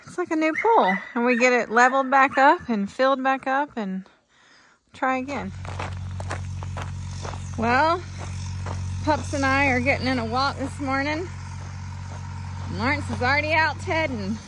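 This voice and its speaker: A middle-aged woman farm vlogger chats casually and ramblingly to her viewers from outdoors on a farm, in a high-pitched voice at a measured pace with long pauses. Faint outdoor noise can be heard.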